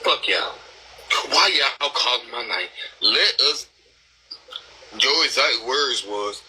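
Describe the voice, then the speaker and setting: Very bright-voiced man, blunt and rambling. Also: mid-range voice, expressive, takes it slowly, pauses often, a little hiss or hum, rough recording. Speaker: live stream panel host. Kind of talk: casual live stream chat.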